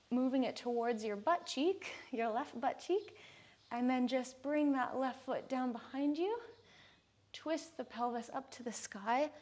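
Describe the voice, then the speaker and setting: Unhurried woman guiding a yoga class. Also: on the high side. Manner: calm, unhurried cueing of breath and poses. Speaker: yoga instructor. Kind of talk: guided yoga class instruction.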